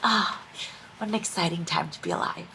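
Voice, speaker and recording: A woman vlogging casually about a book series, excitable, swearing and reacting loudly as she reads. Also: lowish voice, moderate pace, gravelly, a little hiss or hum, low-quality recording. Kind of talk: casual reading vlog.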